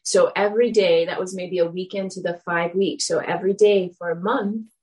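A woman giving a dharma talk, telling a personal story in a reflective, animated way. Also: lowish voice, normal speed, low-quality recording.

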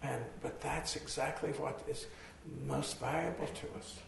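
A hoarse man giving a slow, reflective dharma talk to a group, pausing as he thinks. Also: fairly high pitch, fairly even intonation. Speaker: meditation teacher. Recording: echoey hall from far off, faint noise.

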